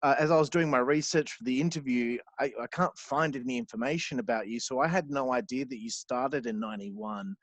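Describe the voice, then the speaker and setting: A man's voice: medium pitch, fairly quick, hardly any pauses, no room sound. A young man co-hosting a casual wrestling podcast, laid-back and joking. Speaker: podcast co-host.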